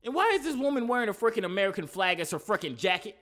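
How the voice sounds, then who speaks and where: Reaction host man, high lively voice, slangy, mocking, casual, repeats his catchphrase. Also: rapid-fire. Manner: slangy, animated, mocking, repeats "you know what I'm saying".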